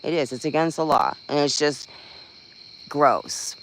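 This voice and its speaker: A man's voice: a little high, sing-song, unhurried, gravelly, a bit bright, a little hiss or hum, poor audio. A man chatting casually on a livestream, venting bluntly, swearing freely and rambling with lots of fillers. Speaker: livestream host. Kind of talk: casual live-stream chat.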